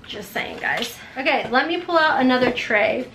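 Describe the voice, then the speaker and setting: Giddy high-voiced woman in her forties. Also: normal speed, slight background noise. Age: 40s. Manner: gushing, squealing with excitement, gasping. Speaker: beauty vlogger. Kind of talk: excited unboxing vlog.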